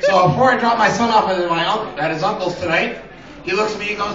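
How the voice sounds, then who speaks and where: A man's voice: sits high, fast, crowd noise. A man doing crude open-mic stand-up in a small comedy venue, rambling and acting out voices. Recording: roomy lo-fi sound from a distant mic.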